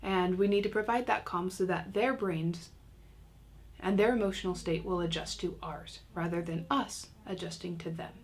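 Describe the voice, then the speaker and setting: Gravelly-voiced woman teaching parents. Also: lowish voice, moderate pace. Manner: casual, chatty, self-mocking humor. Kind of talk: recorded online lesson.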